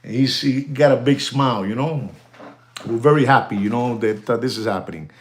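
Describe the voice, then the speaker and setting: A man hosting a live stream, excitable and animated, thanking viewers and mixing in exclamations. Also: mid-range voice, moderate pace.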